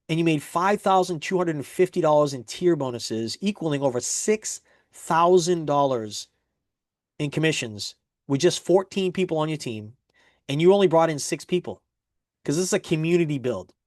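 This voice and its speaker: A man's voice: a little high, dry recording, clean studio sound. A man giving a recorded sales presentation, upbeat and explaining step by step.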